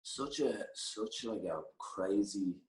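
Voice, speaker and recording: An Irish man in his thirties, a guest telling a loose, lively anecdote in casual chat, swearing now and then. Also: lowish voice, slow pace. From Ireland. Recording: echoey room, mic at a distance.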